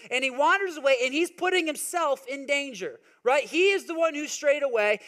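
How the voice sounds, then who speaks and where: A young man preaching a sermon in a conversational, animated way, often checking in with his listeners. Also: very high-pitched. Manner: conversational, animated storytelling with frequent "right?" asides. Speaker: pastor.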